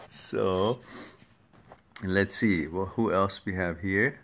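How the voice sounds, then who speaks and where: A man hosting a live online Q&A talk, greeting viewers one by one by name and stumbling over names in a casual, unhurried way. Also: low-pitched, fairly bright tone. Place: home setup for a social media live stream.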